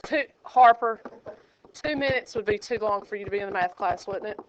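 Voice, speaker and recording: A woman's voice: medium pitch, a little fast, slight background noise. A woman math teacher, teaching a classroom and joking with her students. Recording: dull lo-fi classroom recording.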